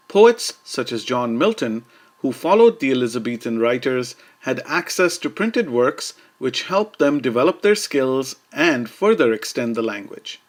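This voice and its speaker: A man delivers a scripted poetry lesson at a measured pace. His pitch sits in an ordinary middle range for a man. He explains each point plainly, with a steady lecturing tone. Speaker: narrator. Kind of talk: scripted educational narration.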